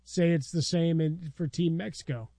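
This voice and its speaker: A man's voice: on the high side, steady tone, normal speed, mellow, no echo. A middle-aged man co-hosting a sports radio show, telling stories in a wry, casual way. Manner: storytelling, wry. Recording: dry studio sound.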